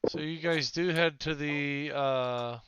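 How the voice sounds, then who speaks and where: A man's voice: on the high side, takes it slowly, background noise. A man narrating a tabletop role-playing game as game master, laughing often and mocking himself lightly. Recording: dull lo-fi dry sound.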